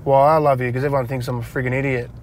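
A retired Australian footballer, interviewed casually inside a parked car, talks very fast in a mid-range, flat voice, with a little hiss or hum in the background. He's chatty, laughs a lot, and acts out conversations in a raised voice while telling stories.

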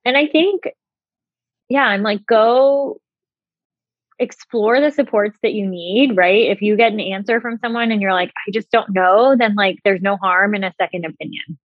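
A woman's voice: medium pitch, moderate pace, no room sound, dull audio. A woman co-hosting a podcast, chatting casually and supportively, adding examples and asking "right?" often. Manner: supportive, agreeing, frequent "right?". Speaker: podcast co-host. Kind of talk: casual advice chat.

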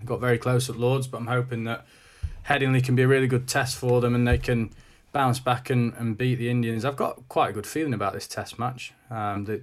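A man talking enthusiastically and casually about an upcoming cricket test. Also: medium pitch. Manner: upbeat, enthusiastic. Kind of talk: casual podcast chat.

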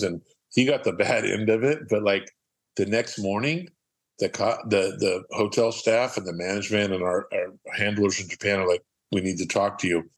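Husky-voiced middle-aged man swearing through stories. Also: on the low side, low-quality recording. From Southern California. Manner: profane, rambling anecdotes with acted-out quotes. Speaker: podcast guest. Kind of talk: casual storytelling.

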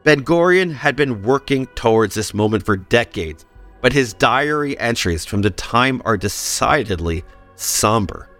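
A man's voice: medium pitch, animated, a little slow, a bit bright, soft background music. A man hosting a history podcast, reading scripted narration and breaking off for playful personal asides.

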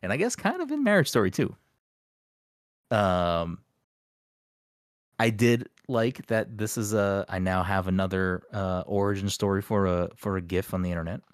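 A man's voice: deep voice, expressive, normal speed, no room sound, studio quality. A man hosting a casual chat, hesitant and swearing often.

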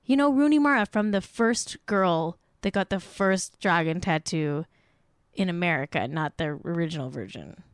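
A woman's voice: lowish voice, lively intonation, moderate pace, smooth, no room sound. Young woman podcast host, casual celeb-gossip chatter, self-deprecating and a bit profane, close dry recording. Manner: chatty, self-mocking, swears, lots of "like".

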